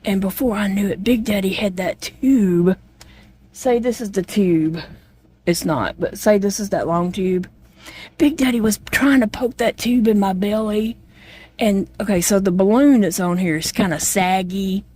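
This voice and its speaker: A woman's voice: medium pitch, unhurried, a little mellow, slightly rough. A middle-aged woman, telling her own story in a casual vlog chat, plainspoken and rambling with many fillers. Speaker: chronic illness vlogger.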